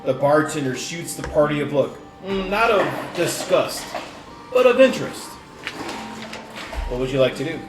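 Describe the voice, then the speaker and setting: Game master, male, halting descriptive narration, roomy and distant with soft music. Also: a little high. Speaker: dungeon master. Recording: echoey room, distant mic, faint music.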